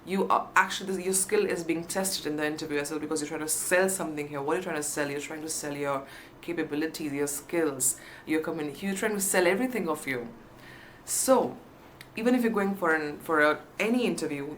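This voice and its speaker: Teaching to camera, a woman coaches viewers on job interviews, emphatic and upbeat, stressing key words to encourage them. Her voice is low-pitched and a bit bright, with slight background noise.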